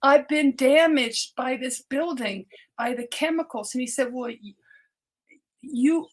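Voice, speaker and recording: Guesting on a podcast, an older female doctor tells her own story at a measured pace in a high voice. She is earnest and frequently restarts her sentences, repeating words as she does.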